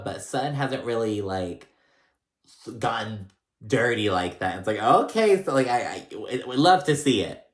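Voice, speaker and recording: A man casually recapping a reality show, gossipy and blunt, with lots of "like" and swearing. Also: mid-range voice. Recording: echoey room.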